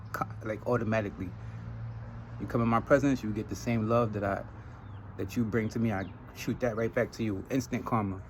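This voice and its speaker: A Trinidadian man hosting a podcast in a casual monologue, telling animated stories and laughing often. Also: lowish voice, slight background noise, rough recording. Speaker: podcast host.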